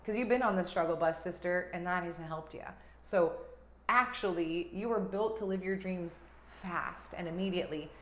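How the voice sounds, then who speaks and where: A woman life coach hosting her podcast, giving an energetic, gushing motivational talk that swings between loud and hushed. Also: fairly low pitch, normal speed. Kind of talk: motivational monologue. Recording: roomy echo.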